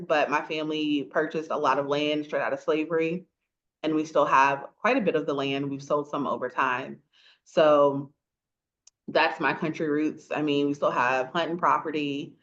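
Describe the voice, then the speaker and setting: A woman in her thirties from rural Florida, hosting a casual podcast chat as an animated storyteller who laughs often and acts out the people she quotes. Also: deep voice, moderate pace, lo-fi sound. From rural Florida, USA. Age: 30s. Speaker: podcast host.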